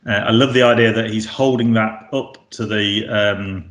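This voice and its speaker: A man with a lowish voice talks through a coaching webinar, thinking aloud with ums and restarts. He sounds like he is on a video call in an echoey room. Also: steady tone, normal speed, a bit bright. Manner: conversational, frequent fillers and restarts. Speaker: presenter. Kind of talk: webinar presentation. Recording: roomy echo.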